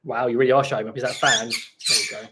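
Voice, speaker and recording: A man with a medium-pitched, steady voice talks at a racing pace while hosting a casual live stream from home, answering viewer questions and breaking off to chat with his parrots. He runs a parrot channel and broadcasts from a room with the birds, using a laptop mic. The noisy background is full of parrot squawks and clicks.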